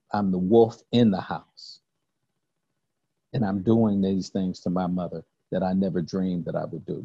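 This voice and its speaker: A deep, husky older man gives an earnest recovery testimony, his voice gravelly and mellow. He talks in halting, repeating phrases. The recording is dry and a little dull. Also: dry recording. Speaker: recovery speaker.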